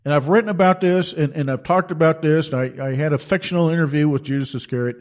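A man's voice: fairly high pitch, fast, a little mellow. A man preaching a sermon in an emphatic, colloquial storytelling manner.

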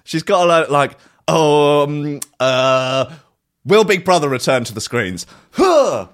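A man's voice: fairly high pitch, big pitch swings, slow, fairly bright tone, dry recording, clean studio sound. Sarcastic British man riffing. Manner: sarcastic, rambling, full of fillers. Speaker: podcast host. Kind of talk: comic monologue.

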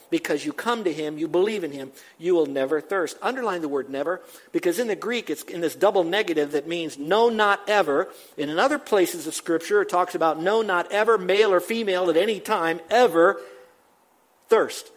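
An older male pastor delivers a sermon in a fairly high voice. He preaches emphatically, repeating words over and over and lifting his voice on key points. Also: brisk. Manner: emphatic, repetitive preaching with rising exclamations.

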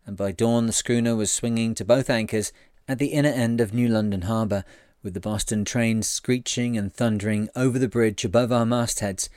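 A male narrator reading a sailing memoir aloud in a measured storytelling manner. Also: lowish voice, a little mellow, clear, resonant tone, no room sound, clean studio sound.

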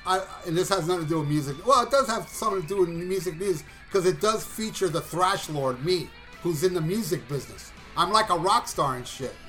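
Animated, foul-mouthed man telling a story. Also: sits high, fairly quick, few pauses, faint music behind. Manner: animated, profane, acts out voices and shouts at punchlines. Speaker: podcast co-host. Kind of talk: casual storytelling chat.

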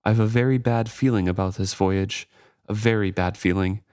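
A man's voice: on the low side, fairly even intonation, moderate pace, a little mellow, clear, resonant tone, no echo, lightly acted. A man reading aloud as a lonely female living ship, speaking earnestly and plainly in a dry, close sound.

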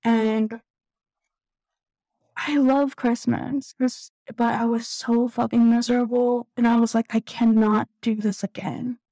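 A woman in her thirties, a guest candidly telling a painful personal story in a halting, emotional way, close to tears. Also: a little high, flat delivery, warm tone, no room sound, low-quality recording. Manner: candid, halting, tearful at times. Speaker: guest sharing recovery story.

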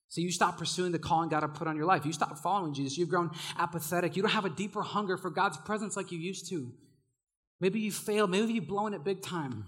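A young male preacher with a high-pitched voice and a bright, forceful edge. He tells casual stories to his congregation with lots of energy and frequent laughter. He shouts when he gets carried away. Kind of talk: sermon.

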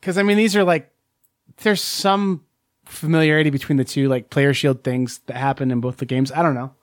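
A man's voice: fairly high pitch, steady tone, a little fast, dry recording, studio quality. A man co-hosting a casual board game talk, rambling with lots of fillers and restarts. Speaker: podcast co-host. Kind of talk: casual chat.

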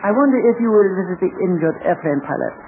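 An actor playing a formal, measured general in a 1940s radio serial. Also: male voice, high-pitched, animated, gravelly. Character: calm, formal older male general. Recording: scratchy 1940s radio broadcast, narrow band, loud hiss.

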